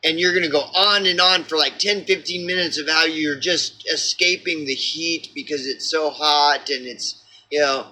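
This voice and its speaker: Oklahoma man vlogging a rambling, exasperated rant; slightly high, tense and forceful. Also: fairly even intonation, normal speed, rough recording. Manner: exasperated, profane, full of fillers and restarts.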